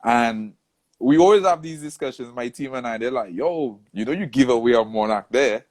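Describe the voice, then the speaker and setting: A man recounts a story in a relaxed interview. His pitch sits in an ordinary middle range. He tells it with lively energy and acts out the people he quotes. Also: moderate pace. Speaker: soca artist, interview guest.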